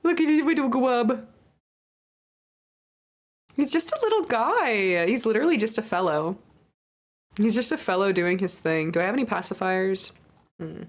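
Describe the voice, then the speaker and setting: A woman livestreamer chatting casually to her viewers while playing a game, bubbly and playful, with baby talk, casual swearing and high squeals when excited. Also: normal speed. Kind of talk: casual gameplay chat.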